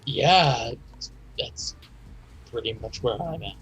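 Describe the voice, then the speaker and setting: Slow, husky-voiced man. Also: medium pitch, expressive, a bit bright, poor audio. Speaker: player. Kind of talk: casual tabletop play.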